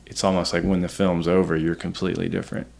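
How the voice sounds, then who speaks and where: Low gravelly man, reflective and halting. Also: level tone, darkish tone. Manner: reflective, halting, with many restarts and affirmations. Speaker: podcast guest, host's partner. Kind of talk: casual conversation.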